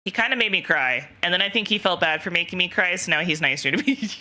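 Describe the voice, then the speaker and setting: A woman's voice: lowish voice, animated, fast talker, bright, forceful tone. A young woman streamer casually telling a rambling story to her chat, laughing often and quoting herself. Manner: giggly, rambling, lots of self-quoting.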